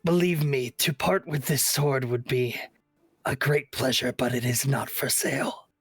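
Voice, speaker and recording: A man voicing a proud male swordsman who speaks slowly and formally in a tabletop game. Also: mid-range voice, steady tone, husky, dry recording, faint music behind. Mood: pained.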